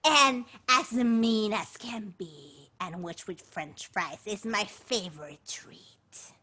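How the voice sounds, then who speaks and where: A woman voicing a mean, hungry male dragon in a children's story, growling slowly before turning meek. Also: mid-range voice, sharp tone, husky, voice pushed down, heavily acted. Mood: menacing. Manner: slow menacing growl, turns meek.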